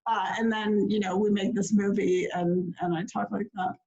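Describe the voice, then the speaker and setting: A woman's voice: medium pitch, level tone, moderate pace, mellow. A woman from Minnesota, a filmmaker guest, chatting casually with lots of fillers and laughter. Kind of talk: casual interview chat. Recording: echoey lo-fi video call audio.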